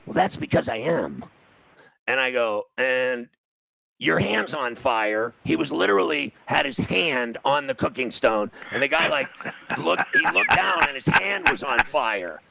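A man's voice: mid-range voice, big pitch swings, measured pace, creaky, sharp tone, a little hiss or hum, poor audio. A middle-aged man from New City, telling a casual anecdote and acting out the quoted dialogue. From New York City.

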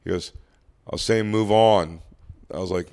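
Speaking at normal speed in a lowish voice, a man in his thirties co-hosts a podcast as a comedian. In this casual storytelling chat he's animated, performs the other people's lines in quoted exchanges, and laughs frequently.

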